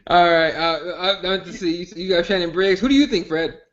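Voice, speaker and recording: High-voiced laid-back male co-host. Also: steady tone, a little fast, a bit bright. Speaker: podcast co-host. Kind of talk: casual chat, reading listener comments. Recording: dull lo-fi podcast audio.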